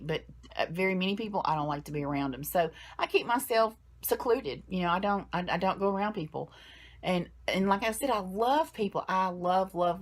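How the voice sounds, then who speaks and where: A middle-aged woman with a drawl and a notably low, deep voice, talking straight to her viewers. She rambles in a chatty way, circling back with restarts and fillers as she goes. It sounds like an unscripted vlog catch-up. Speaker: vlogger. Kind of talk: casual chat to camera.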